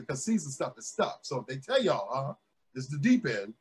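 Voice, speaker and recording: A pastor preaching a sermon, calling out to his congregation and rising to shouts, recorded in a closed room with its windows blacked out for filming. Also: medium pitch, very animated, fairly quick, husky, rough recording.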